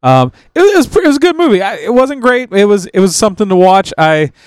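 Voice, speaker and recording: A man with a smooth, clear voice, recorded dry and close with no room sound. He chats casually as a podcast co-host, rambling with frequent restarts and trailing thoughts. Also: high-pitched, fast, no echo. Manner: rambling, relaxed, with many restarts and trailing sentences. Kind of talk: casual chat.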